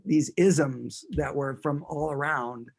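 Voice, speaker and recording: A man's voice: fairly high pitch, fairly even intonation, slow pace, vocal fry. A man who is a guest musician, chatting casually in an interview and talking in a rambling way, with many restarts.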